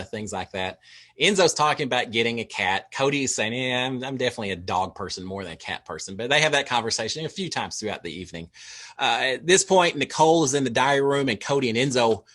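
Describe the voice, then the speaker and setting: A man with a Texas drawl talks casually through an overnight recap. His delivery is chatty, with frequent filler words and wry asides. His pitch sits in the middle of the usual range for a man. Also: a bit bright. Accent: Texan. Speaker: show recap host.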